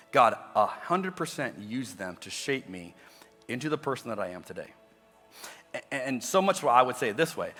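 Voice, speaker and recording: A man's voice: mid-range voice, pushed and bright, long reverb tail. A man preaching a sermon as pastor, talking conversationally and acting out imagined voices. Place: church auditorium.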